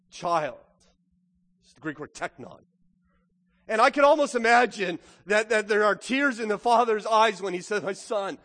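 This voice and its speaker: A man preaching a sermon as a pastor, swinging between loud pleading and hushed, intimate asides. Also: high-pitched. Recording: reverberant hall.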